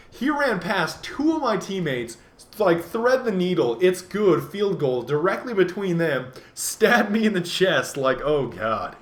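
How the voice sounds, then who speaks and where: A man with a fairly high voice talks over his game footage, rambling from point to point. He keeps dropping jokes and playful self-mocking asides as he goes. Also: very animated, a little slow. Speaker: gaming commentator. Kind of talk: casual gameplay commentary.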